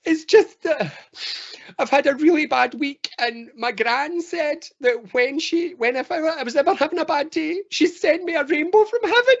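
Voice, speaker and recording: A man putting on a sobbing, high-pitched grieving person. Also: normal speed, creaky. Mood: tearful. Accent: Scottish. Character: tearful person missing their late gran. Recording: dull lo-fi call audio.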